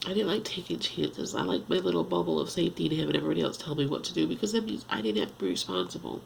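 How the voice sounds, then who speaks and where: A woman in her fifties talking at home in a confessional vlog, halting and earnest, restarting often as she searches for words. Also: low-pitched, animated, gravelly, slight background noise, low-quality recording. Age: 50s. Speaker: vlogger.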